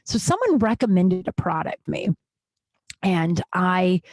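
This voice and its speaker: A woman in her thirties hosting a podcast, telling stories in a rambling, animated way, jittery and over-caffeinated. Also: fairly low pitch, measured pace, no echo. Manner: rambling, animated, full of restarts and asides. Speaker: podcast host. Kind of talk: casual storytelling monologue.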